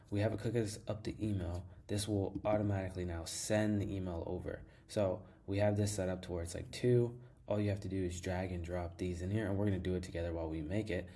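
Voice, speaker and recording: A man with a low, deep voice guides viewers through a software demo in a casual, upbeat way. His tone is mellow and relaxed, and he leans on fillers and restarts as he explains each step. He sounds like he is talking into a desk mic while sharing his screen. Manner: enthusiastic, fills with "like" and repeats himself. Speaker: tutorial host. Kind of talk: casual screen-share tutorial.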